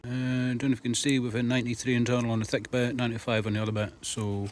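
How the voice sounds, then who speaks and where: A man's voice: mid-range voice, little pitch movement, fast talker, darkish tone, a little hiss or hum. A Scottish man narrating his home cooking in a laid-back, casual way, with frequent fillers and swearing. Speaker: home cook and channel host.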